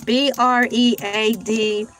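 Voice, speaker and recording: A woman's voice: on the high side, flat delivery, takes it slowly, a bit bright, low-quality recording. A woman hosting a casual morning livestream, chatting to viewers, laughing often and reading search results aloud. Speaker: livestream host.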